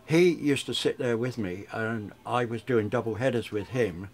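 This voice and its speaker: Chatty older radio DJ. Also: male voice, medium pitch, normal speed. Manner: chatty, rambling, frequent restarts. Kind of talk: reminiscing interview.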